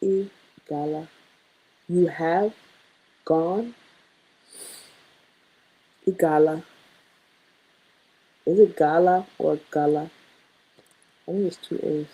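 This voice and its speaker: A woman's voice: sits low, steady tone, drawn-out words, pauses often, mellow, slightly rough, muffled recording. A woman building a language study sheet on screen, thinking aloud, muttering and correcting herself as she types practice phrases. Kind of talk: casual screen-share lesson, thinking aloud.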